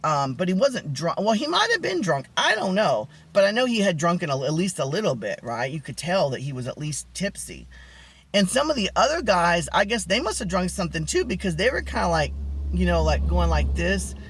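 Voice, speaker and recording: A man vlogging, telling a personal story casually with many fillers, restarts and dramatic pitch swings. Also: very animated, brisk, a bit bright, breathy edge.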